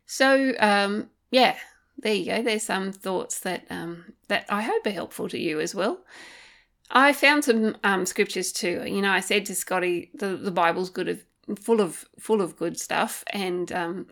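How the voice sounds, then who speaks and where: A woman hosting a solo podcast, talking gently and earnestly, thinking aloud with frequent pauses and ums while offering faith-based encouragement. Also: on the low side, creaky. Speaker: podcast host. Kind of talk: reflective solo podcast talk.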